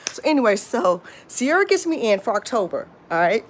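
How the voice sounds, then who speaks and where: This tired Florida vlogger rambles through a lively storytime for her viewers, calling them y'all and frequently restarting. Her voice is a little high and a little fast, with slight background noise.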